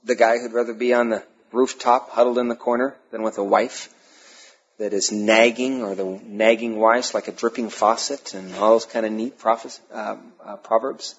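A male pastor preaching a sermon, emphatic, repeating key phrases and pausing between them. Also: lowish voice, little pitch movement, slightly rough. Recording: dull lo-fi sermon recording.

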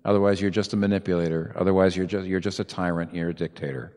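Male pastor, sermon, low voice, soft asides rising to emphatic peaks, echoing church hall. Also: quick pace. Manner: animated preaching, swinging from soft asides to loud emphatic peaks.

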